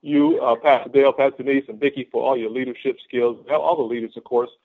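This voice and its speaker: A man's voice: medium pitch, steady tone, fast. Man, motivational speaker, upbeat and repetitive, thin phone-call sound. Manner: exuberant, repetitive, laughs often. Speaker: guest speaker on a team conference call. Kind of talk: motivational pep talk. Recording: phone-line conference call.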